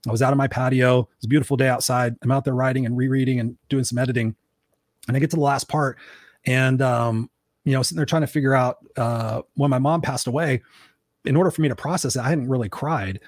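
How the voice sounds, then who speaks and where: A man's voice: medium pitch, fairly even intonation, fast, no echo. A man hosting a podcast, telling a candid, emotional personal story with lots of restarts. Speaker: podcast host. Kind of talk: personal storytelling in casual talk.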